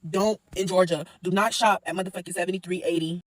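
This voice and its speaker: A woman's voice: on the low side, steady tone, fast talker, dry recording, low-quality recording. A woman who works as a delivery driver, venting to camera in an upset, swearing rant and calling her viewers y'all. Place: Georgia.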